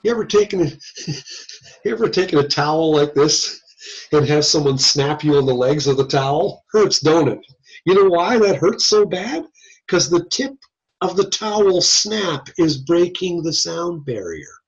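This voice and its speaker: Male instructor, casual joking lecture delivery, husky tone, muffled recording. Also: fairly high pitch, animated, measured pace. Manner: folksy, joking, conversational. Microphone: video call or room mic.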